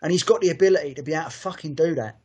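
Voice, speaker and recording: A man's voice: fairly high pitch, rapid-fire, darkish tone, husky. Sweary man, rambling fan talk. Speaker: podcast co-host. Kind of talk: casual chat.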